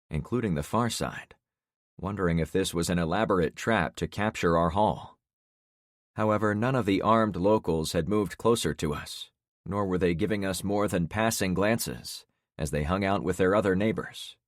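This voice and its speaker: A man reading a first-person audiobook in a steady, measured way. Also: low-pitched, no room sound, clean studio sound. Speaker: audiobook narrator. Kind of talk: scripted first-person narration.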